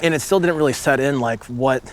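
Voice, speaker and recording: A man in his late thirties, a former marine sniper, telling a story in casual conversation, rambling with lots of "like" and acting out shouts. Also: medium pitch, fairly quick. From United States. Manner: rambling, with many "like" fillers and vivid acted-out shouts.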